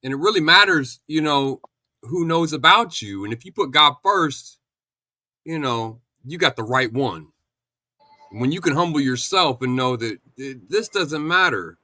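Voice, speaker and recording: A man's voice: on the high side, animated, a little slow, pushed and bright, no echo. A man in a casual podcast chat, talking earnestly and reflectively.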